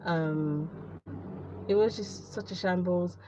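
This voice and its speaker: A woman with a fairly low voice talks slowly and candidly to her livestream viewers, giving advice while rambling a little and repeating herself. The recording is dry, slightly dull and lo-fi, with a noisy background.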